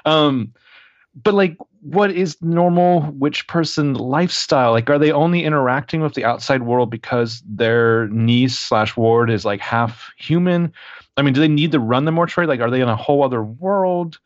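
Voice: medium pitch, normal speed, no room sound, dull audio. A podcast co-host chatting casually in a wry, jokey way, often acting out little scenes. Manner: wry, jokey, animated storytelling. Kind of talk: casual chat.

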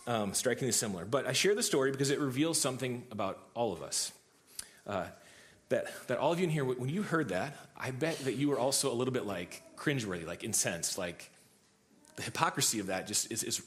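A man in his thirties, a pastor giving a sermon, telling a story in a loose, conversational way with many fillers and restarts. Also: mid-range voice.

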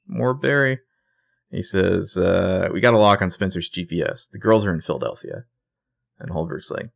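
Deep gravelly man chatting casually. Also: animated, normal speed, no room sound. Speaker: podcast co-host recapping a TV episode. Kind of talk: casual chat.

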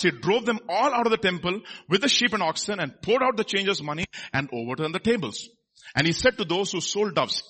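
A man's voice: a little high, bright, forceful tone, husky. A man preaching a sermon, asking the congregation questions as he teaches from scripture. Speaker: pastor.

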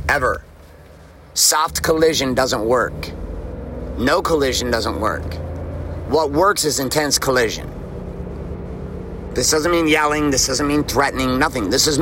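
A man delivering a motivational monologue as a podcast host. His talk is blunt, profane and fired-up, at an average pitch. There is a faint hum of noise behind him, with what sounds like a vehicle.

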